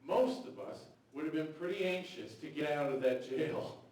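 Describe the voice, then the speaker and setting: A pastor with a slightly high, somewhat mellow voice preaches a sermon in a church sanctuary at a moderate pace. He talks in a loose, conversational way and acts out quotes from the story, recorded far from the mic in a very echoey hall.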